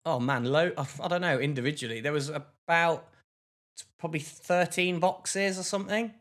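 A man, co-hosting a podcast and telling a story in casual chat, with lively bursts of exasperation. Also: fairly high pitch, normal speed. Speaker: podcast co-host.

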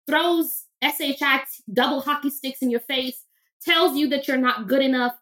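Emphatic, high-voiced woman guest. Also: fairly bright tone. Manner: emphatic, preacher-like repetition. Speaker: therapist and minister, podcast guest. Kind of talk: conversational interview.

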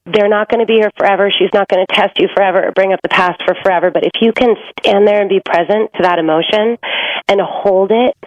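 A woman relationship coach giving gentle, reassuring advice to a couple on a podcast. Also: mid-range voice, steady tone, fast, no echo. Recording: dull lo-fi remote line.

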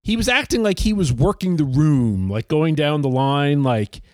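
A man's voice: on the high side, lively intonation, moderate pace, no room sound, clean studio sound. A middle-aged man, chatting casually and acting out the people in his stories. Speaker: podcast guest. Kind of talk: casual storytelling chat.

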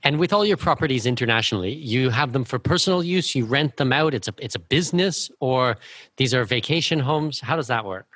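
A man's voice: mid-range voice, animated, a little fast, fairly bright tone, breathy edge, no room sound. A man hosting an interview podcast, asking follow-up questions in a conversational way. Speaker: podcast host. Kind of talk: casual interview talk.

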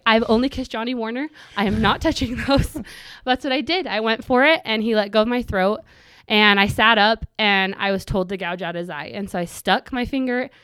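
A woman's voice: medium pitch, a bit bright, clean tone, no echo. A woman guest on an interview podcast telling a personal story in detail. She acts out her own past thoughts and mixes earnestness with touches of humor.

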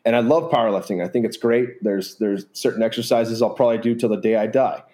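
A man's voice: on the low side, fast talker, dark tone. A man talking in a casual, earnest way as a podcast guest, rambling with many fillers. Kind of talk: casual reflective conversation.

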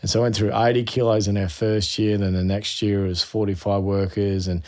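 A man with an Australian accent, a youth worker telling animated, slangy anecdotes in a casual interview. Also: fairly low pitch, brisk.

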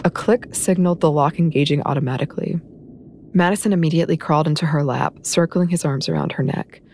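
A woman narrating a novel in a measured, even storytelling manner. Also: low-pitched, a little hiss or hum. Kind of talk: audiobook narration.

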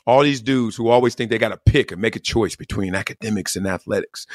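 A man's voice: lowish voice, expressive, rapid-fire, few pauses, dry recording, clean studio sound. A middle-aged man hosting a podcast, talking casually and joking, laughing often and acting out quotes in different voices. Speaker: podcast host. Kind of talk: casual comedic monologue.

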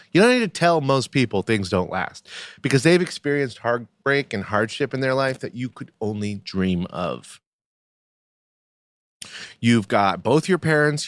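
Lively joking man, dry close sound. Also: lowish voice, dry recording. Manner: animated, mock-outraged, jokey rants. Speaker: podcast co-host. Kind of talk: comedic casual chat.

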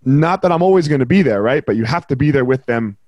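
A man's voice: mid-range voice, animated, a little mellow, no room sound. A man hosting a podcast, chatting casually and laughing along with his guest. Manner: quick, laid-back, laughs along. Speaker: podcast host. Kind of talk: casual chat.

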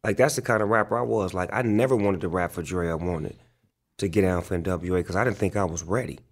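A low-voiced male rapper talks fast in a laid-back interview, telling stories profanely and loosely. Fillers pile up, especially "like."

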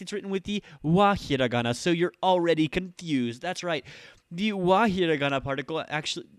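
A man's voice: a little high, no room sound, clean studio sound. A man hosting a casual Japanese lesson podcast, chatty and upbeat with jokey asides. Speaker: host and Japanese teacher.

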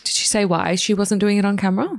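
A podcast host talks fast and asks short, encouraging questions while the guest tells his story. The pitch sits in the middle, and the sound is dry and close to the mic. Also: level tone, gravelly, no room sound. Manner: quick, encouraging questions and laughter. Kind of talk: casual interview.

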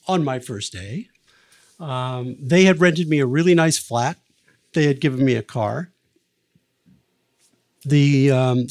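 An older man, a record producer, telling long anecdotes in an interview, with many fillers and restarts. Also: on the high side. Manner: lively raconteur, many fillers and restarts, acts out quoted lines. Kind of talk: anecdotal storytelling in a podcast interview.

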